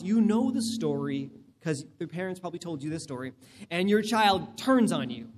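A male pastor giving a sermon in a conversational, animated way, often checking in with the congregation. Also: sits high, normal speed, in a large hall. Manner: acts out scenarios in other people's voices.

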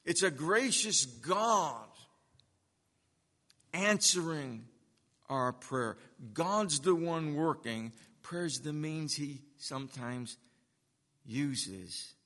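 A man preaches from the pulpit in a bright, forceful voice that rings out with a long reverb. He leans hard on key words, drops to a hush, and drags phrases out slowly for emphasis. The sound carries through a large sanctuary. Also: on the high side, lively intonation. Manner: emphatic, swings between loud and hushed, slows down to stress points. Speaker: pastor. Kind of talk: sermon.

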